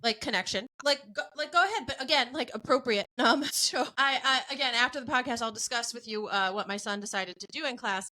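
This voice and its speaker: A woman's voice: fairly high pitch, a little fast, few pauses, bright, forceful tone, poor audio. A woman in her forties hosting a podcast, talking bluntly and animatedly and laughing often. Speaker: podcast host. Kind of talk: casual podcast chat.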